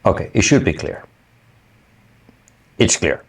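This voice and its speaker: A male university lecturer with a low, expressive voice talks a little fast and pauses often. In an online or recorded lecture, he explains the material conversationally and keeps asking the class to confirm they follow.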